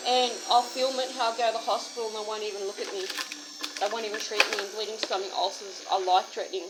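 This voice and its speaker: An Australian woman with a medium-pitched, fairly even voice talks fast over heavy background noise. Agitated and aggrieved, she rambles through a personal complaint, jumping from one story to another.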